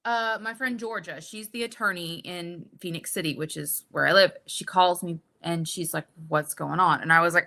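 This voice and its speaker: A young adult woman telling a story in casual podcast chat, animated and profane, acting out what people said. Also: fairly low pitch, moderate pace, gravelly, few pauses. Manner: animated, profane, acts out quotes.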